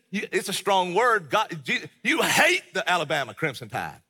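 A man's voice: high-pitched, huge pitch swings, moderate pace, pushed and bright, husky. A man preaching a sermon in a church, emphatic and conversational, with many restarts. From American South. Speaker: pastor. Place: church sanctuary. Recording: long reverb of a large hall.

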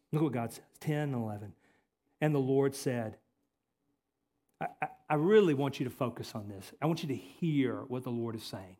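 A male pastor preaching a sermon, repeating key phrases and swinging between forceful emphasis and hushed, earnest passages. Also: on the high side, lively intonation, moderate pace.

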